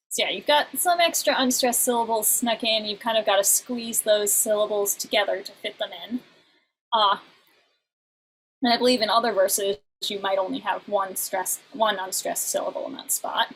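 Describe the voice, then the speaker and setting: A woman teaching an online class, explaining in halting bursts and now and then breaking into short sung examples. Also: medium pitch, fairly bright tone, a little hiss or hum, poor audio.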